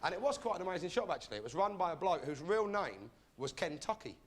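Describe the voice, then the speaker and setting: A man hosting a comedy show, delivering a sardonic stand-up monologue with deadpan, mock-rude asides. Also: high-pitched, quick pace, slight background noise.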